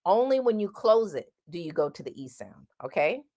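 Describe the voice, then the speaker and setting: A woman teaching a singing lesson, speaking directly and bluntly, and breaking off to sing drawn-out vowel sounds as demonstrations. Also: mid-range voice, very animated, dark tone. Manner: sings vowel demonstrations between explanations.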